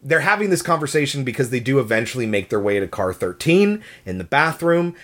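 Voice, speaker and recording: A podcast co-host talking in a measured, explanatory way during a casual film discussion. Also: medium pitch, big pitch swings, fairly bright tone.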